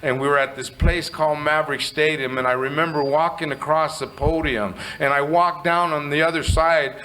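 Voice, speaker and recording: A middle-aged man from Southern California, sharing his recovery story in a candid, animated way and swearing casually. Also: fairly high pitch, slight background noise, poor audio. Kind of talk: personal storytelling speech.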